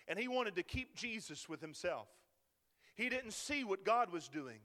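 A man preaching a sermon with passion. He swings from fervent near-shouting peaks down to low, hushed lines. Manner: impassioned, rising to near-shouting peaks then dropping low. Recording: long reverb of a large hall.

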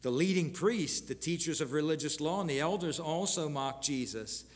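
An earnest male preacher delivers a sermon, reading scripture aloud with pauses and the odd restart. His voice sits a little high for a man. A long reverb trails every phrase, as in a church hall. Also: lively intonation. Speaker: pastor.

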